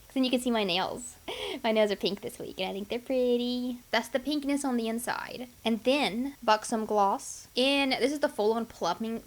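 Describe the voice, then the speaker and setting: Young woman, bright higher voice, casual upbeat gaming chat with fillers. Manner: chatty, upbeat, rambling with fillers and giggles. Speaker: gaming YouTuber. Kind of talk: casual chat while playing a life-sim game.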